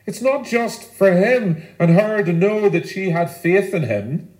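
A man preaching a sermon as pastor, earnest and emphatic, with deliberate pauses. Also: high-pitched, lively intonation, a little mellow, echoey room, low-quality recording.

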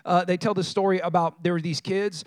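High-voiced man preaching casually. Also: fairly even intonation, a little fast, no room sound, clean studio sound. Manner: conversational and joking, acts out Bible stories in slang. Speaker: pastor.

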